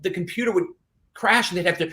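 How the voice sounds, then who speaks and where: A male comedy performer on a video call tells stage stories, acting out each person in them with theatrical flair. His voice sits high for a man and rings bright and sharp. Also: quick pace. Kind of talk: casual chat, telling stage anecdotes.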